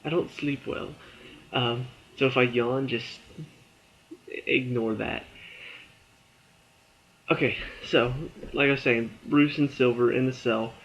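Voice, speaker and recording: A worn-out man talks through a TV episode review in a loose, rambling way, with many "um"s and restarts. His voice sits at an ordinary middle pitch. The recording sounds dull and a little lo-fi. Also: fairly even intonation, slow, pauses often, a bit bright. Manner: rambling, filler-heavy, frequent restarts. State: tired. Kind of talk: casual spoken review.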